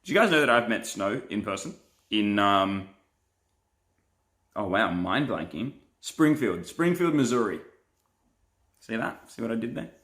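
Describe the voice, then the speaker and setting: Young man, low-pitched, joking, casual stream chat. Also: big pitch swings, unhurried, long pauses, a bit bright. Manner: playful, joking, laughs often. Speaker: pastor and live streamer. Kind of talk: casual live-stream chat reading viewer comments.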